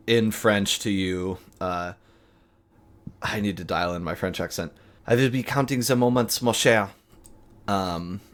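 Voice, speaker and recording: A man narrating as game master of a tabletop game, halting, with many fillers and restarts. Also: sits low, fairly bright tone.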